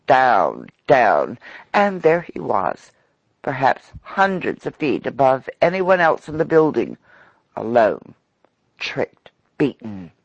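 A man narrating an audiobook story in an expressive, dramatic manner. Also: mid-range voice, dry recording, lo-fi sound.

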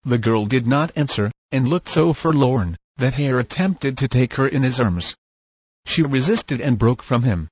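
Brief: male audiobook narrator, husky, dry close mic, steady measured reading. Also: medium pitch, no room sound, low-quality recording. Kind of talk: scripted narration.

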